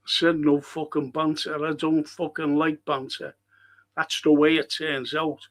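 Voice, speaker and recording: Man, football watchalong host, blunt, sweary, unhurried, slightly high voice. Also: level tone. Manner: blunt, sweary, quick to anger. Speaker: podcast host reading live chat. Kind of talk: live football watchalong chat.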